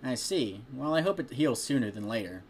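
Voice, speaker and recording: An easygoing young townsperson, short on money, chats with a stall keeper, as a man reads the part in his normal voice. The tone is plain and mid-pitched. Faint background noise sits under the reading. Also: expressive, a little fast, lightly acted.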